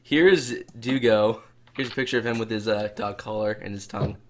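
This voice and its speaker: A man's voice: on the low side, moderate pace, a little hiss or hum. Easygoing young man. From Texas. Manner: easygoing, chuckling. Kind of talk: casual podcast chat.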